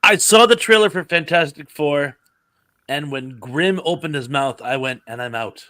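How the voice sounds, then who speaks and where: A man's voice: fairly high pitch, normal speed, pushed and bright. A man on a film podcast panel, opinionated and jokey. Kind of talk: casual chat.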